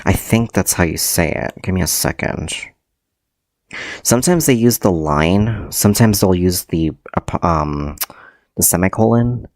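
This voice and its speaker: A deep-voiced man works slowly through a livestreamed math lesson, often pausing with ums and correcting himself. The sound is dry and close. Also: lively intonation, a little mellow, dry recording. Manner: hesitant, many ums and self-corrections. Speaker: math teacher.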